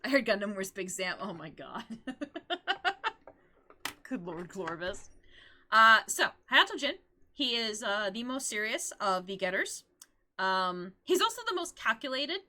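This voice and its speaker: Woman streamer, bright lively voice, giggly rambling chat, bursts of squealing. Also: mid-range voice, normal speed. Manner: excitable, giggly, rambling with fillers and squealing outbursts. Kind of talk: casual live-stream chat.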